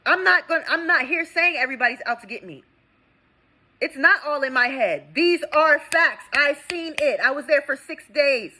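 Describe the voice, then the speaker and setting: A young woman and veteran, ranting with indignation in a vlog, swinging between loud outbursts and low mutters. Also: animated, moderate pace, poor audio. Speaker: veteran vlogger. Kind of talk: impassioned vlog rant.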